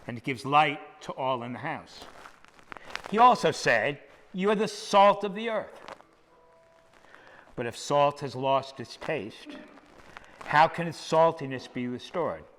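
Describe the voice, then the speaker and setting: An older man, a priest who was once a hospital chaplain, preaching a measured, emphatic sermon that drops to a hush on key words, in a church. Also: medium pitch. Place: church sanctuary. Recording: long church reverb.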